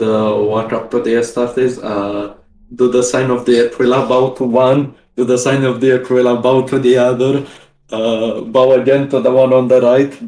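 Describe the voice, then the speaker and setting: A man's voice: medium pitch, darkish tone. A man playing a tabletop game, listing his character's actions with many fillers. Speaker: player. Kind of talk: casual tabletop play. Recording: echoey room mic.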